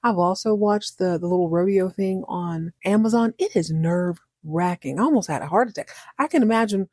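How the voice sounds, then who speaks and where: Woman podcast host, TV recap, slangy, joking, mellow voice, dry close sound. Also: lowish voice, fairly quick, no echo. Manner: animated, slangy, joking asides. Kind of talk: TV episode recap.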